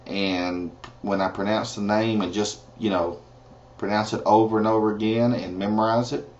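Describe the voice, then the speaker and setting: A man teaching a language lesson, pronouncing each word slowly and carefully and adding casual asides. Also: fairly low pitch, little pitch movement, darkish tone, slight background noise. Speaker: Spanish teacher. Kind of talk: slow, deliberate language lesson. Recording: dull lo-fi recording.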